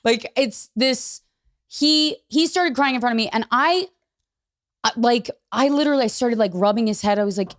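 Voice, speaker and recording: A woman's voice: a little high, normal speed, dry recording, studio quality. A woman comedian who is a guest on a podcast, talking candidly and bluntly and swearing casually.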